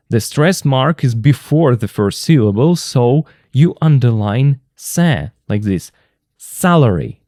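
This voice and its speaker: Man, native Russian speaker, English teacher, careful explanations, mellow, dry sound. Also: mid-range voice, dry recording. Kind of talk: textbook lesson explanation.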